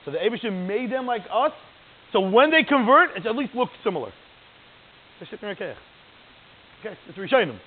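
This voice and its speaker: A man giving a lively, digressive lecture as a religious teacher, often checking in with "right?". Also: sits high, fairly quick, pauses often. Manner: animated, digressive, keeps asking "right?". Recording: tinny phone-like line.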